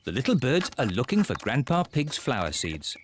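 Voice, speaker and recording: A woman narrating a children's cartoon in a clear, lively storybook manner. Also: a bass voice, moderate pace, very noisy.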